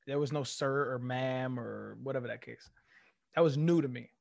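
A man's voice: medium pitch, moderate pace, gravelly. A man from California, a former athlete, telling stories as an interview guest and acting out the people he quotes. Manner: animated storyteller who acts out quotes. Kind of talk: casual interview storytelling.

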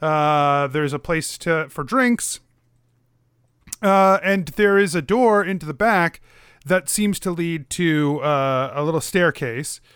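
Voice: mid-range voice, takes it slowly, fairly bright tone, clear, resonant tone, dry recording, studio quality. A game master narrating a tabletop game off the cuff, hesitant and giggly with lots of fillers.

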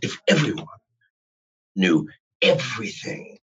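A man speaking as a podcast guest, ranting in a profane, animated way. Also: lowish voice, takes it slowly, highs cut off, heavy background noise. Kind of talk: podcast interview.

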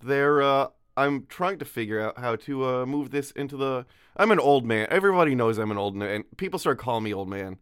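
A young co-host on a casual podcast, just woken up, rambles, breaks off mid-thought, and laughs a lot. His mid-range voice is animated and a little fast, a bit bright, clear, and resonant, recorded at studio quality with no room sound.

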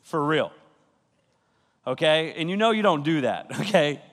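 A man's voice: a little high, expressive, unhurried, a bit bright. A youth pastor giving a joking, playful sermon in a church hall, often laughing and acting out his listeners' reactions. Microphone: filmed by a camera crew.

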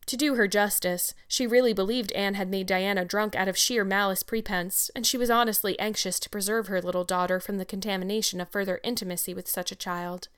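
A woman's voice: medium pitch, fairly even intonation, brisk, hardly any pauses, a bit bright, clear, resonant tone. A woman narrating a classic novel and then sharing thoughtful, appreciative comments on the chapter. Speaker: audiobook reader and podcast host. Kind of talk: storybook narration and reflective commentary.

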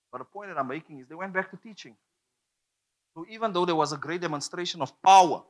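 A man preaching a sermon, emphatic and repetitive, drawing call-and-response from the congregation. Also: mid-range voice.

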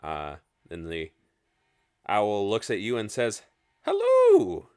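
A man with a lowish voice narrates a tabletop game as its host and game master. He talks in a relaxed way, pausing on fillers, and the sound is dry and close. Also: smooth, no echo. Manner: relaxed, with frequent filler hesitations.

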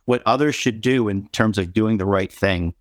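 A man with a low voice asks an earnest question and stops partway to find his words. He is on a video call, and the sound is dry. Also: normal speed, dry recording. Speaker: audience member asking a question. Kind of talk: asking a question in an online interview.

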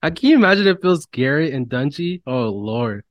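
A man's voice: on the high side, a little fast, no echo, muffled recording. A man co-hosting a sports podcast, talking casually, swearing a lot and venting about announcers. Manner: profane, animated, mocks announcers. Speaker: podcast co-host.

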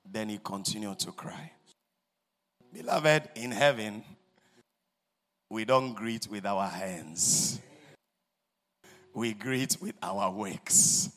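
A male preacher telling a story in a dramatic sermon, husky, swinging between shouts and whispers. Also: on the low side, slow, pauses often.

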